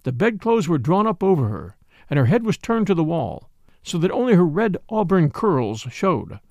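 A man reading a mystery novel aloud as an audiobook narrator in a measured, expressive way. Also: high-pitched, no room sound, dull audio. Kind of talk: scripted narration.

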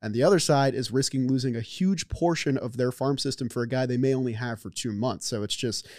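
A man's voice: mid-range voice, a little fast, a little mellow, no room sound, studio quality. A man filling in as co-host on a sports talk show, giving long analytical takes with some stumbles. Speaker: guest co-host.

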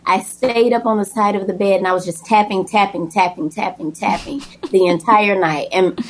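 A young woman talks casually and at length, telling a personal story in a chatty, animated way. She slips into a higher voice to act out what people said. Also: fairly quick, hardly any pauses. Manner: chatty and animated, acts out quoted lines in a high voice. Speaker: guest telling her birth story.

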